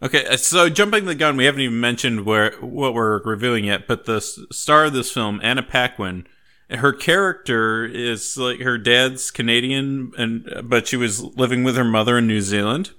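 Man, podcast host, very bright voice, casual movie chat, playful, laughs a lot. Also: mid-range voice, clean tone. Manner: playful, laughs often, halting restarts.

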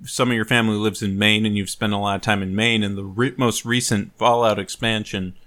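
Bright-voiced man hosting a casual chat. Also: lowish voice, steady tone, a little fast. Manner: chatty, jokey, playful put-on voices. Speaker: podcast host.

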